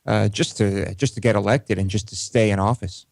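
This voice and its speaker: Low gravelly dude co-hosting, lots of uhs and you knows, dry sound. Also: male voice, fairly even intonation, moderate pace, no room sound. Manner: hesitant, many fillers. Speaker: co-host. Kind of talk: casual political chat.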